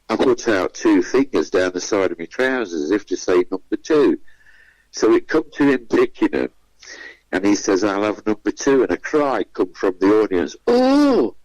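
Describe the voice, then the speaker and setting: A man's voice: on the low side, expressive, moderate pace, darkish tone, no echo, low-quality recording. A man, a comedian telling chatty anecdotes in a radio interview and acting out the voices of the people he quotes. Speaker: guest comedian. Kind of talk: anecdotal storytelling.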